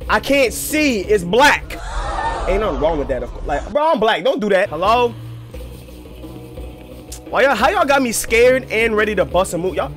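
Young male streamer, high lively voice, loud trash talk, game score blaring underneath. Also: moderate pace, pauses often. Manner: loud excitable trash talk, yelps and shouts. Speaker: gaming streamer. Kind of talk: let's play commentary. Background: game music.

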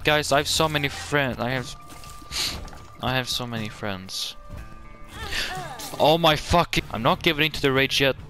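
A man hosting a gaming channel, giving excitable, jokey gameplay commentary full of swearing and sudden outbursts. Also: medium pitch.

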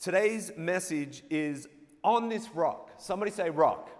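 A man's voice: on the high side, expressive, unhurried, faint music behind. A man preaching a sermon as a guest pastor, playful and drawing call-and-response from the congregation. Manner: playful, gets the crowd to call back. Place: church auditorium. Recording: long reverb of a large hall.

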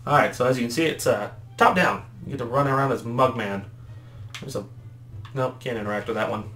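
A man's voice: mid-range voice, brisk, fairly bright tone. A man hosting a let's play, chatting casually and rambling, often correcting himself. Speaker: gaming channel host. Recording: roomy echo, faint background noise.

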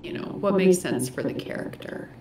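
A woman's voice: fairly low pitch, animated, moderate pace, a little mellow, echoey room, far from the mic, a little hiss or hum. A woman playing a tabletop game, bubbly and joking with the group. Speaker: player. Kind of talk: casual tabletop game chat.

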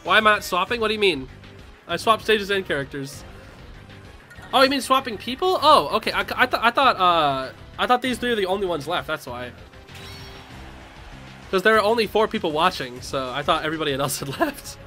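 Excitable young man streaming a game. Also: high-pitched, a little fast, faint music behind. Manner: excitable, yelling and laughing at the game. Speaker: streamer playing online matches. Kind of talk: live gaming stream commentary.

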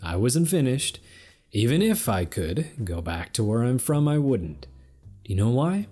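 A man's voice: medium pitch, very animated, measured pace, dark tone, soft background music. A man as a wisecracking devoted guy. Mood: earnest. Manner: casual, wisecracking. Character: laid-back joking human man, devoted partner.

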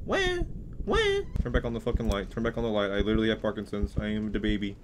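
A young man giving crude, joking let's play commentary while playing a horror game, swinging between yelling and muttering. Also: fairly low pitch, little pitch movement, rapid-fire, slight background noise. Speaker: gaming youtuber.

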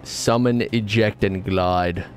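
Excitable young man streaming a game. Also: on the low side, slow, faint music behind. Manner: excitable, jokey, self-mocking banter. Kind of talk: live gameplay commentary.

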